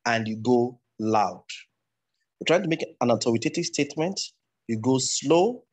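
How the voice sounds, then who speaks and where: Man, public speaking teacher, breathy husky voice, online class, repetitive explaining. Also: mid-range voice.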